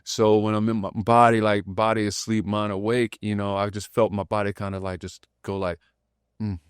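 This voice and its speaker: A man hosting a podcast, telling a personal story in a loose, slangy, animated way and acting out the voices in it. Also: lowish voice, fairly quick, clean tone, dry recording. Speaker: podcast host. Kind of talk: casual conversation.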